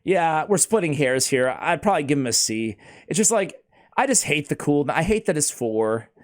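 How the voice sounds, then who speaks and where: A man hosting a casual gaming chat, excitable and laughing often, talking like he's with a buddy. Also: on the high side, normal speed. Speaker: host.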